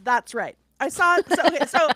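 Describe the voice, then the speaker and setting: A woman co-hosting a podcast, telling a story in a chatty, animated way, with lots of fillers and asides. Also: high-pitched, moderate pace. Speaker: podcast co-host. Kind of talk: casual chat, storytelling.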